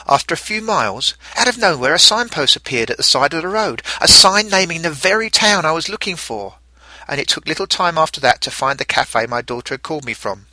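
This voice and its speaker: A middle-aged man narrating a first-person story in a reflective, gentle way. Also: fairly high pitch, sing-song, brisk, dry recording.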